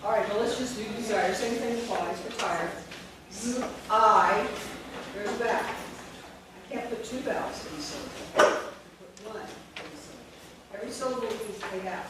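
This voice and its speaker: A woman's voice: mid-range voice, normal speed. Lady running a phonics workshop, quizzing the group on syllables, recorded far off with lots of background noise. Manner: drills sounds and syllables, quizzes the room. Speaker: teacher trainer. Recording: echoey room, distant mic, noisy.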